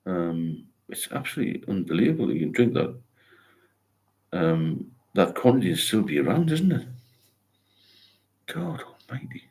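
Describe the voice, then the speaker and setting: A man's voice: deep voice, sing-song, normal speed, a little mellow. An older man hosting a casual livestream, rambling as he reads viewer comments aloud and answers them with encouragement. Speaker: host of a sobriety livestream. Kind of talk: casual live chat.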